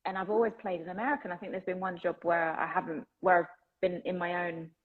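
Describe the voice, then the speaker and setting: An English actress answering interview questions, bubbly and quick to laugh as she talks. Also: fairly low pitch, steady tone, husky, narrow, tinny audio. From England. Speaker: actress, guest. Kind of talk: interview conversation.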